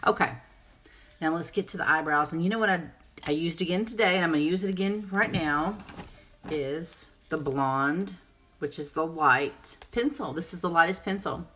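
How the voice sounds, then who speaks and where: Woman, deep voice, casual makeup tutorial, chatty, talks to viewers. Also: moderate pace, fairly bright tone, slightly rough. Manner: chatty, rambling, answers viewer comments. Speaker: makeup seller and presenter.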